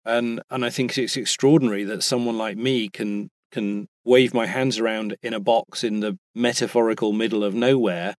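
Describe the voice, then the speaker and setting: British male voice actor, relaxed guest, halting restarts, dead-dry booth sound. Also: fairly low pitch, no echo. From Britain. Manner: chatty, hesitant with frequent restarts. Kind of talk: casual interview chat.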